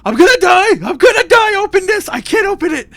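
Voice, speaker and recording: A man's voice: extremely high pitch, sing-song, fast, fairly bright tone, dry recording, pitched above the performer's own voice, exaggerated voice. A man voicing a panicked submarine captain trapped in a flooding room, screaming in terror. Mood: terrified screaming.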